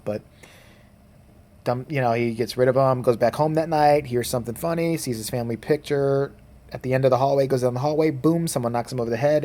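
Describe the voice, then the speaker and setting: A man's voice: medium pitch, warm tone. Rambling, profane male movie reviewer. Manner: rambling and profane, with frequent fillers; mimics characters in quick quoted voices. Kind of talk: casual spoken movie review.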